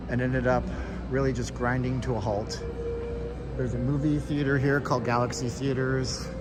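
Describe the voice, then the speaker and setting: Joking rambling man vlogging live. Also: medium pitch. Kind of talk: live-streamed walking tour. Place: inside a large shopping mall. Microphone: phone held while walking.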